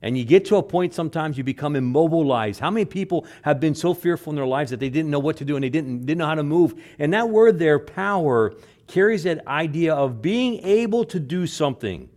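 A man preaching a sermon, repeating phrases for emphasis and swinging between loud stresses and hushed words. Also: a little high, animated, brisk. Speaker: pastor.

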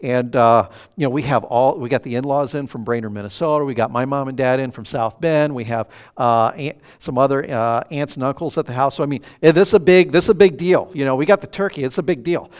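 A man's voice: medium pitch, fairly quick, few pauses, a little mellow. A man preaching a sermon, telling a personal story and acting out the quotes with animation. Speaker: pastor.

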